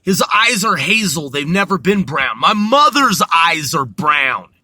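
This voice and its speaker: A young American man ranting to camera with profanity, slow and combative, breaking into shouts. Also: on the high side, very animated, no room sound. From United States.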